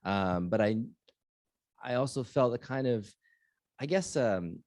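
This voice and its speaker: A man's voice: medium pitch, animated, a little slow, a little mellow, no room sound, studio quality. A man, an author and journalist, answering questions at a live library event, speaking reflectively with frequent restarts and fillers.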